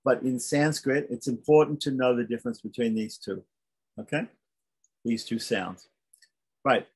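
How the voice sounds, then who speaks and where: Man, Sanskrit teacher, husky voice, middle pitch, patient, repeats sounds slowly. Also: steady tone, a little mellow. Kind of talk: beginner language lesson.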